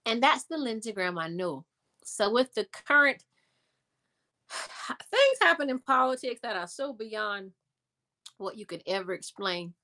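Woman guest, lively storyteller, slightly high and bright voice, acts out quotes. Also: measured pace, long pauses. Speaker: interview guest. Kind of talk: casual storytelling.

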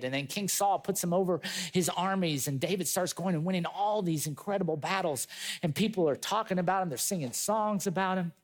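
A male pastor preaching a sermon, retelling a story with lively acted-out voices and chatty asides to his congregation. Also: high voice, a little fast. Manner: animated storytelling, acting out quoted voices.

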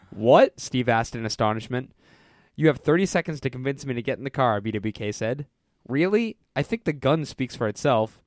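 A man's voice: medium pitch, lively intonation, dry recording. Laughing man reading a story aloud. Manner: reads dialogue with quick voice shifts, breaks into laughter. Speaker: podcast co-host reading a listener story. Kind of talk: casual reading aloud with chat.

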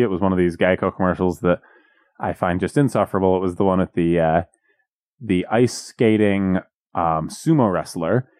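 A man's voice: low voice, a little mellow, no echo, studio quality. A young man co-hosting a podcast in casual chat, wry and teasing, laughing easily. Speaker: podcast co-host.

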